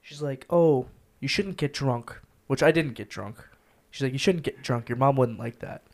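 A man's voice: medium pitch, normal speed. A young man co-hosting a podcast, telling joking anecdotes in casual chat. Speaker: podcast co-host.

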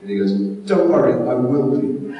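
A man's voice: mid-range voice, expressive, normal speed, vocal fry, muffled recording. A middle-aged man, a convention panel guest, tells stories animatedly, full of asides, and acts out the lines he quotes. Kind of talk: anecdotal storytelling. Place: large convention hall. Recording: echoey hall, from far off, crowd noise. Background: audience crowd.

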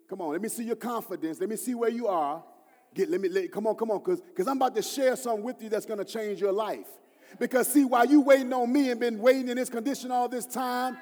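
A man preaching a sermon as pastor. He swings from hushed, low-voiced prayer quotes to loud, half-sung emphasis. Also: fast, big-room sound. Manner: preaching with rising, shouted emphasis and sung phrases; often drops to a low, hushed voice when quoting prayers.

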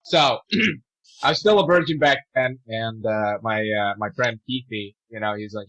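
A man's voice: lowish voice, moderate pace, a bit bright. Young man, crude storyteller, laughs a lot, dull lo-fi audio. Casual chat. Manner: crude, joking, laughs often. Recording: dull lo-fi sound.

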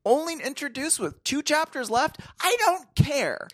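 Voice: high-pitched, very animated, a little slow, fairly bright tone, no echo. Co-host, playful and giggly, voice leaps all over the place, dry close sound. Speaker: podcast co-host. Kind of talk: casual chat.

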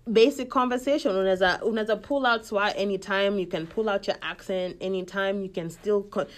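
A young woman with a Kenyan accent, talking candidly in a casual podcast monologue and switching freely between Swahili and English. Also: mid-range voice.

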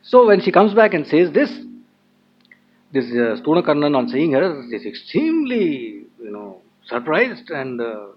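Unhurried and fairly high-pitched, a man with big swings in pitch recounts an old tale chattily, laughing and wandering into asides. It is casual storytelling captured in dull lo-fi sound with faint ambience.

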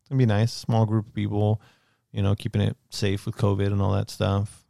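A man's voice: fairly low pitch, monotone, fairly quick, gravelly, warm tone, dry recording, studio quality. A man, hosting a casual chat and telling rambling, slang-filled stories with frequent laughter.

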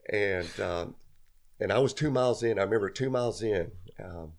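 Speaking at a moderate pace in a lowish voice, a middle-aged man chats casually through a lengthy tale from his own life. It's a rambling, self-deprecating telling, and he laughs frequently.

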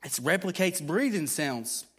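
A man with a somewhat high voice preaches in a loose, conversational way, stopping and restarting as he explains. He swings into forceful, repeated declarations. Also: lively intonation, measured pace, slightly rough. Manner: conversational teaching with frequent fillers and restarts; builds to emphatic repeated declarations. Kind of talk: sermon.

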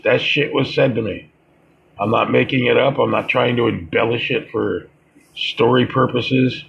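Gravelly man ranting in slow bursts. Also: on the low side. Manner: heated, profane, halting with restarts. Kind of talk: monologue commentary. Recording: dull lo-fi recording.

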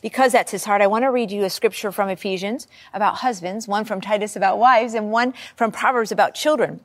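A woman preaching a sermon, reading scripture and talking it through in a conversational, animated teaching manner. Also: mid-range voice, a little fast.

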